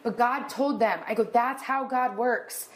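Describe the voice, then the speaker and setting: A woman's voice: a little high, steady tone, measured pace. A middle-aged woman co-hosting a casual podcast chat, telling stories and acting out what people said. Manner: chatty storyteller who acts out quotes. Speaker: podcast co-host.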